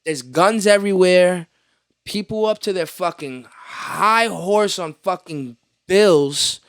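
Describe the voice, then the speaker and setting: A man's voice: high-pitched, a bit bright, clear, resonant tone. A man from New York City hosting a podcast, ranting in casual chat with lots of profanity and slang. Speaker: podcast host.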